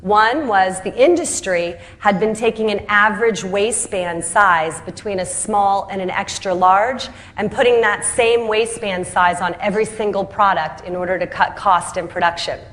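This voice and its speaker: This woman founder delivers her story as a lively speech, teasing herself, voicing the people she quotes, and laughing at her own punchlines. Her pitch is medium, her pace moderate, and she rarely pauses.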